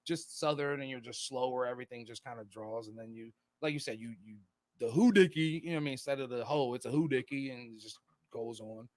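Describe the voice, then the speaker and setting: A man of middling pitch talks in a loose, rambling way as a podcast co-host. He swears freely and drifts between thoughts. The sound is dry and close. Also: fairly even intonation, fast talker, no room sound. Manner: rambling, profane, slips into put-on voices. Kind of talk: casual chat.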